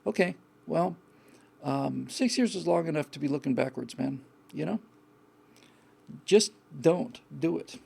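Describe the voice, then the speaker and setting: A man's voice: on the high side, expressive, a little slow, vocal fry, pauses often, warm tone, slightly rough. A man hosting a live call-in show, giving blunt, frank advice in a rambling way with many restarts. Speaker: host.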